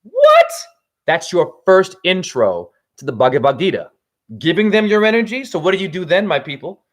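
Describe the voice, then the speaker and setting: Casting note: man in his forties, high voice with wide swings, livestream spiritual monologue, profane. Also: animated, fairly quick. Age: 40s. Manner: swings from low preaching to high shouts, swears. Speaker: spiritual teacher.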